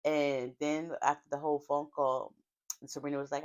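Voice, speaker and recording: A woman's voice: low-pitched, flat delivery, quick pace, a little mellow, dull audio. A woman casually recapping a TV drama episode in a chatty, heartfelt storytelling way, with frequent fillers and asides. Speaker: TV show recapper.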